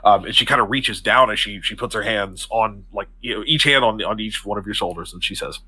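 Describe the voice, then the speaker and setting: Husky game master narrating a tabletop game. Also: male voice, fairly low pitch, fairly quick, hardly any pauses, pushed and bright. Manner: casual, laughs often.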